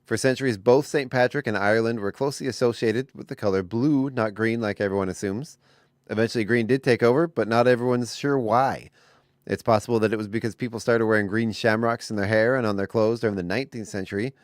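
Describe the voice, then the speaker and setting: A man co-hosting a radio morning show, chatty and quick to laugh, telling stories and reading facts. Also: on the low side, steady tone, dry recording, studio quality. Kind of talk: casual radio banter. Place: radio studio. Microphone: studio microphone.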